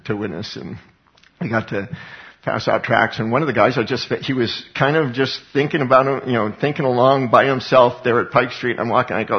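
A man's voice: mid-range voice, brisk. A man preaching in an earnest, chatty Bible-teaching style, often restarting his sentences. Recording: dull lo-fi sound.

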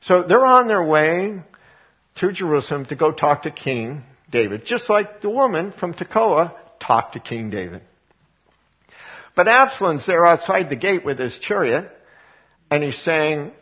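A man's voice: fairly high pitch, big pitch swings, measured pace, husky, highs cut off. A male preacher reading scripture aloud and then explaining it in casual everyday words. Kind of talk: verse-by-verse sermon.

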